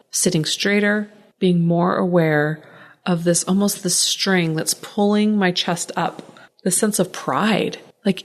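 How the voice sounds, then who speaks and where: A woman hosting a solo podcast, talking in an animated way, ranting at times and laughing often. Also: on the low side. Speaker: podcast host.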